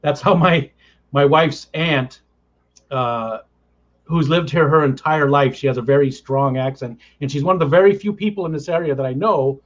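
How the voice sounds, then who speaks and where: A man's voice: fairly high pitch, normal speed. A man hosting a livestream in easygoing, casual chat, laughing often and thinking aloud. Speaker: livestream host. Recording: slightly muffled lo-fi audio.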